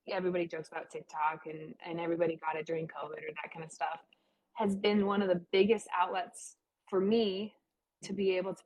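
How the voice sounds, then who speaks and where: A woman's voice: on the low side, low-quality recording. A young adult woman speaking as an interview guest in a chatty, heartfelt way, with many "like" fillers. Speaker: guest sharing her cancer story. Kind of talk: casual interview talk.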